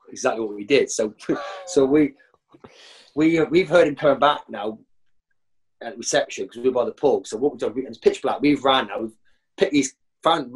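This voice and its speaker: A man, a former professional footballer, telling rowdy stories as a guest and jumping high in pitch when he acts out other people. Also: husky. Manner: animated, jumps high when acting out others. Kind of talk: anecdotal storytelling.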